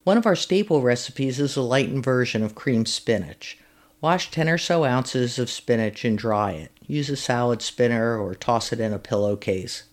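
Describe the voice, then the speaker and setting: A woman's voice: a bass voice, expressive, normal speed. A woman who volunteers as a master gardener, reading a scripted segment with friendly, step-by-step cooking instructions. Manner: friendly, instructive, recipe steps read at an easy pace.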